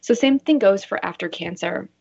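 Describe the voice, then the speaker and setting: A woman's voice: medium pitch, expressive, moderate pace, gravelly, warm tone, dull audio. A woman who works as a bra fitter, talking earnestly in a casual interview and telling stories with animation.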